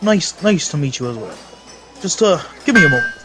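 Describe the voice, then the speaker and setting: A man voicing a gruff, bald male dwarf blacksmith who talks with hesitant fillers. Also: fairly high pitch, very animated, a little fast, loud music behind the voice. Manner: hesitant, filler-heavy speech.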